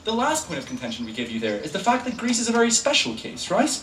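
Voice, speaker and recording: Fast, lively young man debating. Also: high-pitched. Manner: fast, animated and sarcastic, drawing laughs. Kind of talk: competitive debate speech. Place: lecture hall. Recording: echoey hall, distant mic, faint room noise.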